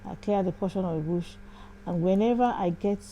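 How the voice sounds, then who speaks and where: A woman's voice: mid-range voice, a little fast, dark tone, lo-fi sound, a little hiss or hum. Woman telling a testimony. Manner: reflective, repeats phrases. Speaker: host. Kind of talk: personal testimony storytelling.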